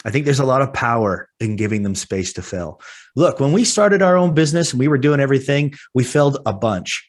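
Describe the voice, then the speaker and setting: A man's voice: medium pitch, lively intonation, brisk. A man in his forties, co-hosting a casual podcast. He tells stories with energy and acts out his own panicked lines. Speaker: podcast co-host.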